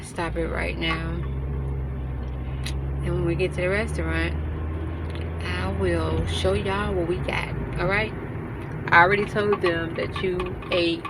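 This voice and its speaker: A woman's voice: fairly low pitch, level tone, measured pace, pauses often. A woman casually chatting to her viewers while riding in a car. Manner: chatty, addresses viewers as y'all. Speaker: vlogger. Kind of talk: casual vlog chat. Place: in a car, then at a restaurant. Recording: loud road noise from a moving car. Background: car and traffic noise.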